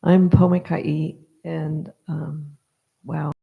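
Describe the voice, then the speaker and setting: A woman with a very low, gravelly voice speaks slowly and reflectively. The recording sounds dull and lo-fi. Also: level tone. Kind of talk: casual self-introduction.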